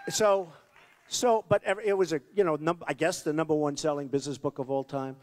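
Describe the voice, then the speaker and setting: Male candidate, boastful, repetitive rally patter, high and lively pitch, long hall reverb. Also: a little fast. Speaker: political candidate. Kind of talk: off-the-cuff campaign rally speech. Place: large rally venue.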